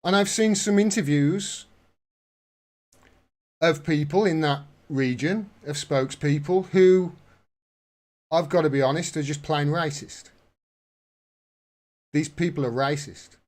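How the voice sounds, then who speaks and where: A man's voice: a little high, slow pace, pauses often, a little mellow. A man giving casual political commentary on a vlog in an indignant, sarcastic way. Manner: indignant, sarcastic, rising to outbursts. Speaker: commentary vlogger.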